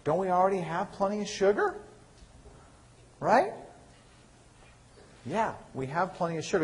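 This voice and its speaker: Lively, high-pitched male lecturer. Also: a little slow, long pauses. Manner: lively, asks the class questions and answers them. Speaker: university biochemistry lecturer. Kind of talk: classroom lecture. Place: lecture hall.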